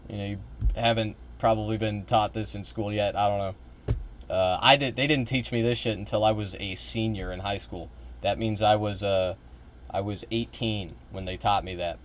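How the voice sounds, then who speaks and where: Rambling young man reacting on stream. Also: mid-range voice. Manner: rambling, halting, swears casually. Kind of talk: casual reaction stream chat.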